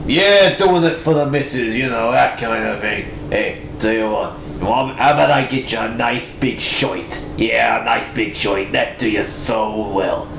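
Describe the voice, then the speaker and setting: A man voicing two bulky, burly men gossiping like friends on a shopping trip, in loud, chummy, gruff banter. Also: medium pitch, unhurried, hardly any pauses, roomy sound, slight background noise, voice pushed down.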